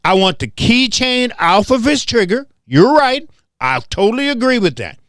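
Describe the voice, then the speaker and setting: A Memphis man from the southern US hosts a heated, confrontational commentary monologue, hammering his points home emphatically by repeating them. His high, fairly bright voice has big pitch swings at a moderate pace. The studio recording is clean with no echo.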